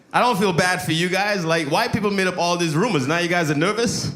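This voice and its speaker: A stand-up comic from Saint Lucia performing a set with a loose, laughing delivery and mocking voices. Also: male voice, high-pitched, brisk, hardly any pauses. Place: comedy stage before live audience. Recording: echoey club with loud crowd.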